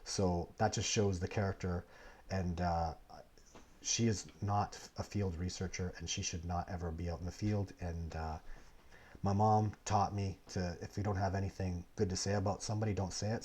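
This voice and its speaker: A man hosting a casual live Q&A stream, telling long, digressive stories with many restarts. He swings between animated bursts and low, muttered asides. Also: normal speed, husky. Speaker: livestream host answering viewer questions.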